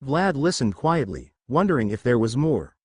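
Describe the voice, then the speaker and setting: A man reads a superhero fan story aloud in a narrating voice that rises and falls in lively swings. The recording is dry and close, with no room sound around him. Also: mid-range voice, normal speed, breathy edge, no echo.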